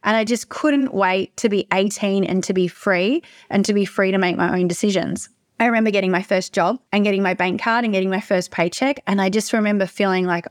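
A woman's voice: mid-range voice, steady tone, dry recording. Aussie woman podcaster, young, spilling a personal story, mid voice, dry close sound. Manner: emotional, confessional, quick bursts of repetition. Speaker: podcast host.

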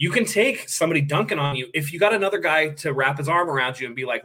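A man's voice: on the high side, quick pace, hardly any pauses, bright, forceful tone. A man co-hosting a podcast, chatting casually about football and acting out quotes in other voices. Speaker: podcast co-host. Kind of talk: casual sports chat.

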